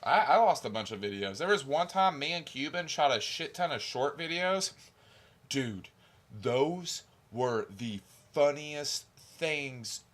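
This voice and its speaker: A young man with a slightly higher voice chats loosely on a livestream. He rambles, swears freely and reminisces about old homemade videos. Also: animated, unhurried, a bit bright. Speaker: stream co-host. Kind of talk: casual stream chat.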